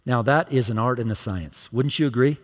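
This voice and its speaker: A man's voice: medium pitch, a little fast, big-room sound. A male pastor preaching a sermon, emphatic, repeating phrases for emphasis.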